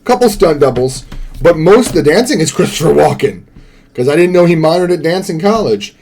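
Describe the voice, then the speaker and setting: A man's voice: on the high side, lively intonation, fairly quick, a little mellow. A man chatting casually to viewers during a live stream, rambling and laughing easily. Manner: rambling, chatty, sings along and laughs often.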